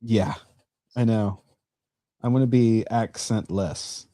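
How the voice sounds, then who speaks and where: A man from North Carolina, a guest on a casual livestream chat, telling stories in a relaxed way and laughing often. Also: fairly low pitch, takes it slowly, no echo, studio quality. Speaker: guest co-host.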